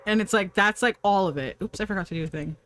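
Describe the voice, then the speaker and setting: A woman's voice: mid-range voice, quick pace, a bit bright. Giggly rambling woman streamer. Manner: rambling, giggly, answers chat. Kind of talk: casual livestream chat while drawing.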